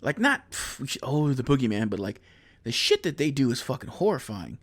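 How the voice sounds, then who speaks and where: A man in his thirties rambles through a profane, comedic solo podcast. He laughs at his own jokes, and his pitch swings up and down. The sound is dry and close. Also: wildly swooping pitch, a little fast, fairly bright tone, slightly rough, no room sound. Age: 30s. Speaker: podcast host. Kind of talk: casual comedic monologue.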